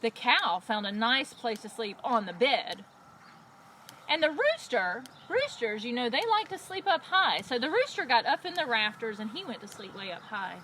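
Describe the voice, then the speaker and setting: A woman librarian reading a story aloud to children in a lively, expressive storytime voice. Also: fairly high pitch, normal speed, rough recording. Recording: loud background noise.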